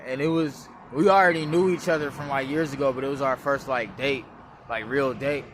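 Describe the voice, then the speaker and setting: A man's voice: medium pitch, steady tone, a little fast, fairly bright tone, slight background noise. A man from West Oakland vlogging outdoors, rambling loosely with profane street slang. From West Oakland, California. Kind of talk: rambling casual monologue.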